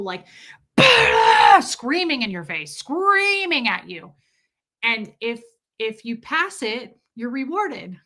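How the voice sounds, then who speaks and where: A woman's voice: on the high side, bright, forceful tone. A woman hosting a casual livestream, talking to her viewers in a rambling way, trailing off and restarting her sentences. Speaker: livestream host reading viewer comments.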